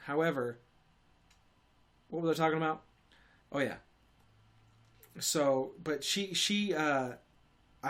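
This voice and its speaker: A young man with a fairly high, fairly bright voice hosts a podcast, rambling through a comedic monologue. He adds sarcastic, self-deprecating asides and restarts his sentences often.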